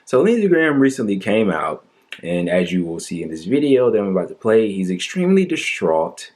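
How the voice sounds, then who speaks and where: Male commentator, low voice, sarcastic and animated, debunking a politician's claims. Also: normal speed. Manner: mocking, exaggerated fake sorrow and sighs; animated, argumentative, incredulous.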